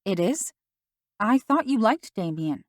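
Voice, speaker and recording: A woman's voice: medium pitch, big pitch swings, a little slow, dry recording, clean studio sound. A woman voicing a loyal teenage girl who talks in an insistent, raised and urgent way. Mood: heated.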